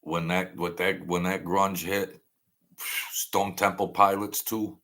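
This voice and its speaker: A man's voice: low voice, little pitch movement, slow pace, fairly bright tone. A man hosting a casual livestream, telling meandering stories that trail off and restart. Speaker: livestream host. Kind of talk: rambling casual storytelling.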